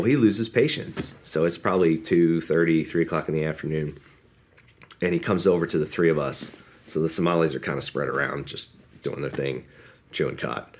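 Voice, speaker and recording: A man with a very deep, low voice tells a war story in an interview. He talks in a casual, rambling way and acts out the lines people said. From United States. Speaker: podcast guest.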